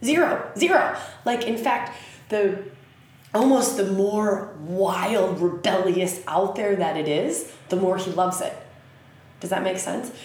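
Slow, frank woman in an echoey room. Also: mid-range voice, a little mellow. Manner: earnest, frank, swears casually. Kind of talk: casual spiritual talk.

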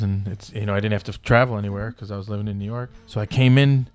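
A man in his fifties, voice on the low side and rapid-fire, tells stories as a guest in a podcast interview. His casual storytelling rambles, with offhand swearing.

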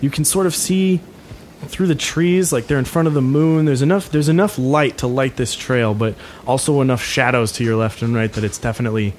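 A man's voice: medium pitch, steady tone, brisk, slight background noise. A man narrating a tabletop game as game master, setting scenes in a loose way with many fillers.

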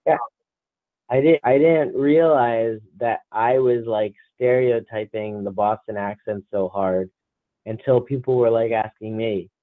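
A man's voice: medium pitch, measured pace, no room sound. New Jersey man on a tinny line. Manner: rambling, quotes people in mock dialogue. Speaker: podcast co-host. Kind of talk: casual chat. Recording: dry tinny phone-like line.

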